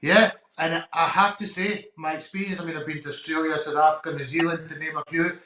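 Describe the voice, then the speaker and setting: A Scottish man hosting a podcast interview, affirming his guest warmly with some hesitant fillers. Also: fairly high pitch, fairly even intonation, fast, roomy sound, low-quality recording. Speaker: podcast host. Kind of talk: interview conversation.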